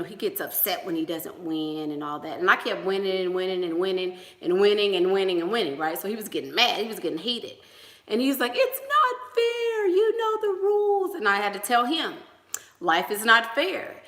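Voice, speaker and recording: A woman's voice: mid-range voice, pushed and bright. Chatty woman on an echoey livestream. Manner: chatty, emphatic, laughs between thoughts. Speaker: relationship coach. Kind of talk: casual livestream chat. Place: room at home, doing her makeup. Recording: echoey room.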